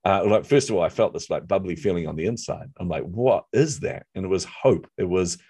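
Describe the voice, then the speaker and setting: A middle-aged man with a New Zealand accent, telling a personal story in a lively, self-deprecating way during a conversation. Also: deep voice, quick pace, breathy edge, dry recording. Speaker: author and marketer, guest.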